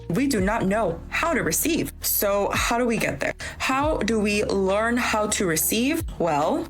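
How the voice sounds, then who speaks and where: A woman speaking as a dating coach, giving confident, instructive advice. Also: mid-range voice. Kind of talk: advice monologue.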